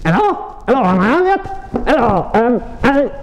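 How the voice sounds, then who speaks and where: A man's voice: very high voice, very animated, moderate pace, pitched above the performer's own voice, low-quality recording. A man voicing a bumbling, apologetic male doctor in a comedy sketch, in a quavering, hesitant voice. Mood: flustered. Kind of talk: comic sketch.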